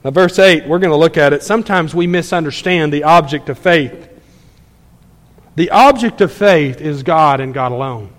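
A pastor with a high voice preaching to his congregation. He is animated and acts out quick asides as he goes. The sound rings with the long echo of a large hall. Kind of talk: sermon.

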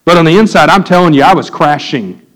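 A man's voice: a little high, lively intonation, fast talker, low-quality recording. A middle-aged man preaching a sermon, telling a candid personal story that builds to impassioned preaching. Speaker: pastor.

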